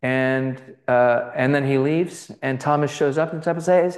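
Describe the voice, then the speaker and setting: A man's voice: medium pitch, moderate pace. A man giving a conversational lecture on gospel icons, full of fillers, restarts and asides. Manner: conversational, many fillers and restarts, checks in with "right?". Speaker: Bible teacher.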